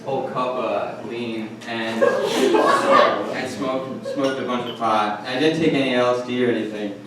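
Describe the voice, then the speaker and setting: A man's voice: medium pitch, fairly even intonation. Rambling young man telling a story on stage. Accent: Detroit. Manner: rambling, self-mocking, halting restarts. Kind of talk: live storytelling. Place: comedy club stage. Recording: echoey room from far off, noisy.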